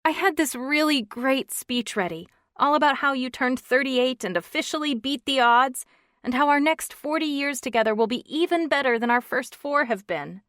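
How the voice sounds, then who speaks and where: A woman's voice: high-pitched, normal speed, a bit bright, no room sound, clean studio sound, pitched above the performer's own voice. A woman reading an audiobook, voicing an emotional young wife in a raised, wobbly, pleading voice. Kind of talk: audiobook character voice.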